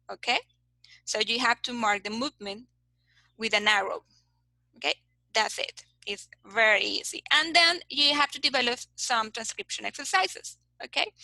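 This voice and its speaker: A woman's voice: on the high side, pushed and bright, dry recording, low-quality recording. A woman teaching English phonetics in an online class, patiently explaining and ending her points with "okay?". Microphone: video call.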